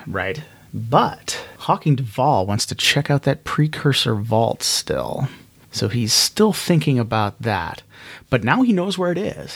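A man's voice: mid-range voice, no room sound. A man hosting a podcast where he narrates a solo tabletop game, speaking in a thoughtful, hesitant way.

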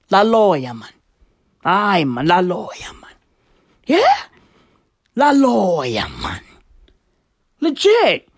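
A young woman delivers a profane, slang-heavy comedic rant to camera, mock-outraged throughout. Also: medium pitch. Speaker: vlogger.

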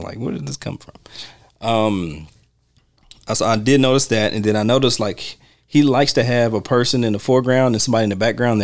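Low-voiced man in relaxed podcast chat. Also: no room sound. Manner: easygoing, laughs often, searches for names. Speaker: podcast host. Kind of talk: casual film commentary chat.

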